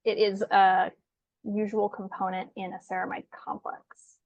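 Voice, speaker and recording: A woman skincare educator chatting casually as a guest. She is lively and animated and sometimes acts out what people say. Her voice sits in a middle register and sounds dry and close, with almost no room around it. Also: medium pitch, unhurried, no room sound, highs cut off. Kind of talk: casual conversation.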